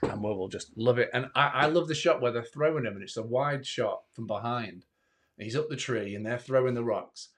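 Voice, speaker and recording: A man's voice: medium pitch, a little fast, background noise. A man guest on a podcast discussing a horror film earnestly, with stumbling restarts and acted-out lines.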